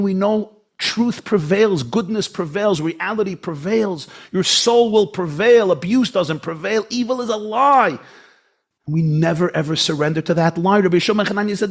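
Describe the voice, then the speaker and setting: Impassioned, a rabbi delivers a sermon, his voice swinging between soft, low lines and high, emphatic ones.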